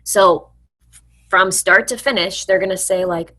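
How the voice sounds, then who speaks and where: A woman's voice: medium pitch, steady tone, a little slow, pushed and bright. A woman hosting a personal finance video, talking frankly and casually to her viewers as friends, with lots of "like" and some blunt swearing. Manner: frequent "like" fillers, blunt mild profanity. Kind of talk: casual advice talk to camera.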